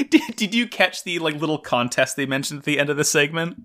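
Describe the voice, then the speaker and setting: A man with a fairly high voice talks at a quick clip while co-hosting a podcast. He chats casually, laughing a lot and joking around with animated, playful fan enthusiasm.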